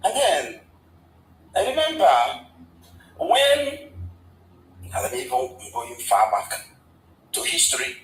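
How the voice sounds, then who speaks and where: A man's voice: on the high side, huge pitch swings, takes it slowly, long pauses, fairly bright tone, roomy sound, a little hiss or hum, rough recording. A man, a guest in a casual discussion, who stumbles and repeats words as he retells history at length. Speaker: guest commentator.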